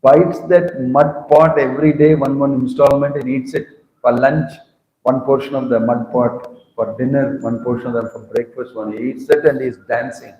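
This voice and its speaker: A man with an Indian English accent giving a scripture discourse as a swami, telling stories and acting out the words of saints with big swings in pitch and loudness. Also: fairly even intonation, normal speed, muffled recording, a little hiss or hum. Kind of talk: sermon. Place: temple hall. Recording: echoey hall.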